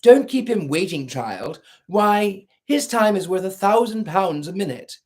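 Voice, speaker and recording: A man's voice: sits high, sing-song, measured pace, voice pushed up. A man voicing a fussy chorus of train passengers in a storybook reading.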